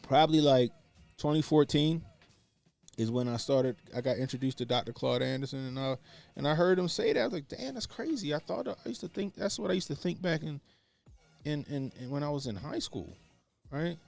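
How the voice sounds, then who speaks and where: A man with a slightly raised pitch and a gravelly edge, talking bluntly in casual commentary. He swears freely and drives his points home by saying them twice. Faint music runs underneath. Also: expressive, brisk, a little mellow. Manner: blunt, profane, repeats points for emphasis. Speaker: podcast co-host.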